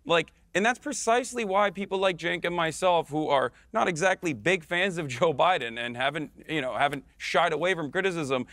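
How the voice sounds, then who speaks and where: A man in his thirties argues earnestly as a guest on a political panel, his voice a little higher than most men's. The sound is dry and close. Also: a little fast, few pauses, fairly bright tone, no room sound. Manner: earnest, argumentative. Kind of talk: political debate.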